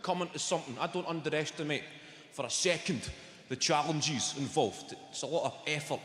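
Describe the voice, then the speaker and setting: A young Scottish man doing live stand-up on an arena stage, with brash, sweary banter at the crowd. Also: on the high side. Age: young adult. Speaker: stand-up comedian. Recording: echoey arena with long reverb, loud crowd.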